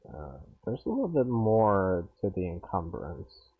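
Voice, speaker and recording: A man's voice: low voice, sing-song, unhurried, husky. A man running a tabletop game as game master, giving laid-back rulings. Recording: dull lo-fi audio.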